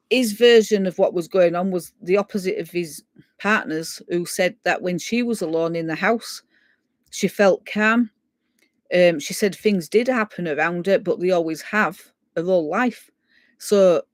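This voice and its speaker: A woman's voice: fairly low pitch, no room sound. A woman telling a ghost story in a casual, chatty way, retelling what everyone said. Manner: chatty, retells dialogue at length, frequent "so" and "and he said". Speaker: guest sharing a ghost story.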